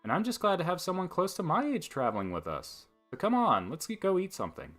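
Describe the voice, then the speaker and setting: A man voicing an eager, friendly young girl in a game, with a lifted, bright delivery. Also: high voice, big pitch swings, quick pace, faint music behind, voice pushed up, exaggerated voice. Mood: cheerful.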